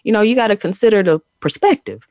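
A woman's voice: mid-range voice, lively intonation, fast, darkish tone, dry recording, clean studio sound. A woman hosting an interview, supportive and affirming as she shares her view. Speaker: interview host. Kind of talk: conversational interview.

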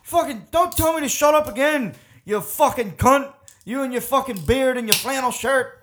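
A man's voice: moderate pace, noisy background. A man doing a screaming drunk Irish bar brawler. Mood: enraged. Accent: attempted Irish. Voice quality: shouting, high and strained.

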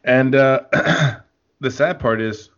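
Slow-talking laughing man, lo-fi audio. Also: medium pitch, a bit bright. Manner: slow, laughing often, loose storytelling. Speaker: podcast co-host. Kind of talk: crude casual banter. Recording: dull lo-fi podcast audio.

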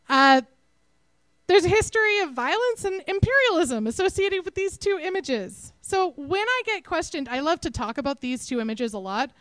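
Woman, Texan accent, high voice, lively conversational preaching, dry close sound. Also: dry recording, rough recording. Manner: conversational, animated, self-deprecating. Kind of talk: sermon.

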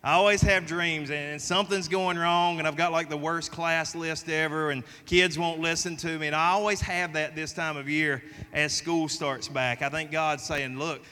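Man with a Southern US accent, sermon, high bright voice, folksy storytelling, long hall reverb. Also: fairly even intonation, normal speed, few pauses, smooth. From American South. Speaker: pastor.

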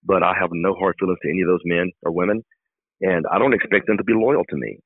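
A man's voice: low-pitched, quick pace, slightly rough, no room sound. A middle-aged man, a political candidate giving fervent, emphatic answers in an interview. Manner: fervent, emphatic, repetitive speechmaking. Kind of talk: campaign interview. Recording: dry tinny phone line.

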